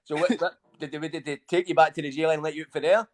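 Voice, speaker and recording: A man's voice: fairly high pitch, fairly even intonation, fast. A man hosting a live chat, casual and agreeable, often dropping in "aye". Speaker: host.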